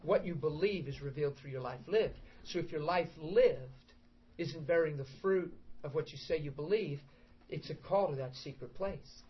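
A middle-aged man preaching an informal sermon to a small group, emphatic and animated, acting out prayers and quotes as he goes. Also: a little high, moderate pace, slightly rough. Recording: dull lo-fi recording with faint background hiss.

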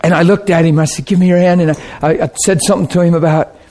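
A man preaching a sermon through an animated story, at times dropping into hushed tones. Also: fairly high pitch, rapid-fire.

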